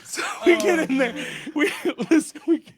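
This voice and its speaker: A man in a casual podcast chat with friends, telling a story in an animated way and acting out both sides of phone calls. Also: very high voice, normal speed, heavy background noise. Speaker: podcast co-host.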